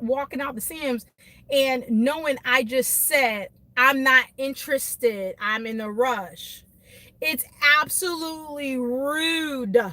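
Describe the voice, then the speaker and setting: A woman beauty vlogger ranting animatedly to her live viewers from her car, emphatic and quick to laugh. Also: high-pitched, no room sound. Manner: animated, emphatic, laughs often, talks to chat by name. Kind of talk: casual venting rant to live viewers.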